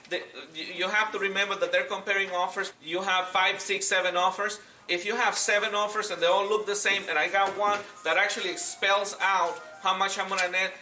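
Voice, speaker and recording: Seminar instructor, man, very bright tone, recorded off-mic in a roomy space. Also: high-pitched, recorded from a distance, slight background noise. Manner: direct, repeats words, acts out phone calls. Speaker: real estate and mortgage instructor. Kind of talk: seminar teaching.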